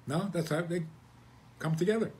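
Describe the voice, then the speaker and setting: Wry rabbi giving a chuckling talk. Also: male voice, high-pitched, moderate pace, a little mellow. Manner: chuckling, rhetorical questions, wry humor. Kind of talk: conversational Torah talk.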